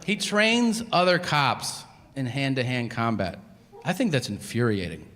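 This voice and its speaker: A male stand-up comedian in his forties, telling animated, profane stories on a club stage and slipping into voices for the people in them. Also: mid-range voice, measured pace, in a large hall. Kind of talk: stand-up routine. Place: comedy stage before a laughing audience. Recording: noisy live club recording.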